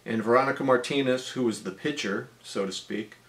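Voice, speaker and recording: Man, 40s, personal storytelling, deadpan humor, casual, frequent fillers. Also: mid-range voice, fairly quick.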